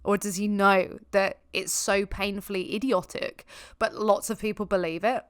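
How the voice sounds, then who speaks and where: A woman's voice: medium pitch, fairly even intonation, moderate pace, smooth, no echo, clean studio sound. Sarcastic laughing woman commentator. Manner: sarcastic, laughs often, swears freely. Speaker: vegan reaction video host.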